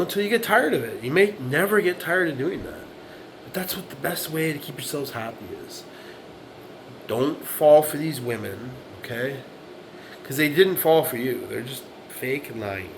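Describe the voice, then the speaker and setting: A man's voice: medium pitch, noisy background. Blunt profane man in his forties. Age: 40s. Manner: blunt, profane, repetitive with frequent "right?". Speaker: vlogger. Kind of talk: casual monologue to camera.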